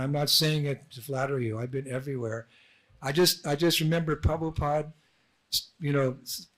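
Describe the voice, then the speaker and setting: A man, a monk, giving an informal temple address, telling anecdotes and acting out the dialogue. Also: a little high. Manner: storytelling, acts out dialogue with laughs. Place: temple hall.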